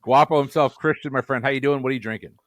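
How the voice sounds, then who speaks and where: A man's voice: medium pitch, rapid-fire, dry recording. A man hosting a casual trivia podcast, joking as he introduces the players. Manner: jokey, playful introductions. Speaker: quiz show host.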